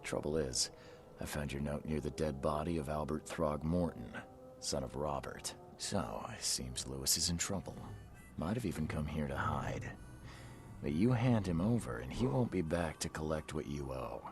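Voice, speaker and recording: A terse, gravelly detective. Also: male voice, rumbling low, normal speed, music in the background. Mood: pressing. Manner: calm, pressing, terse. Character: hard-nosed male detective questioning a barkeep.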